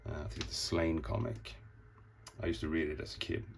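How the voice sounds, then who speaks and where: A man's voice: very deep voice, brisk, vocal fry, a little hiss or hum. A man casually showing off his comic pages, rambling, swearing often and acting out the scenes as he goes. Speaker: comic artist. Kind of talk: casual show-and-tell.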